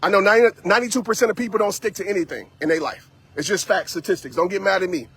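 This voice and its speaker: A man speaks to his live-stream viewers while out on a walk, pressing a motivational message with lots of repetition. His voice sits high for a man and has a husky, breathy edge. He sounds like he is talking into a phone held in his hand. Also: rapid-fire, a bit bright. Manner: preachy, repetitive, addresses audience directly.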